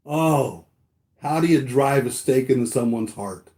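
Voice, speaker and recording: A man's voice: mid-range voice, expressive, unhurried, dark tone. A man talking casually to his viewers, rambling with many fillers and restarts. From United States. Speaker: toy collector vlogger.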